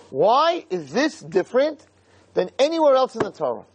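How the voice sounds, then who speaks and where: High, lively male Torah lecturer. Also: fairly quick, breathy edge, rough recording. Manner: emphatic, rhetorical questions.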